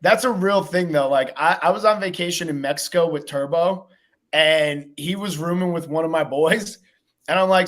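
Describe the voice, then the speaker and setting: A man hosting a casual podcast chat, talking in an animated, profane way and acting out quotes. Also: on the high side, normal speed. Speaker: podcast host.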